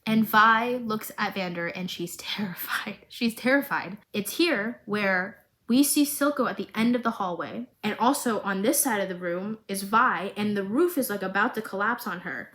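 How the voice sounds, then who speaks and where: A young woman retelling a story to her viewers in a casual, emotional vlog, with dramatic, expressive delivery and chatty asides. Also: medium pitch, rough recording. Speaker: video creator recapping a series.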